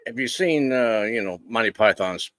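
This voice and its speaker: A laid-back man co-hosts a casual livestream, offering short tasting remarks and dry quips. His voice sits at an ordinary middle pitch. It is recorded close and dry. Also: expressive, moderate pace, fairly bright tone, no room sound. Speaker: co-host tasting whiskey.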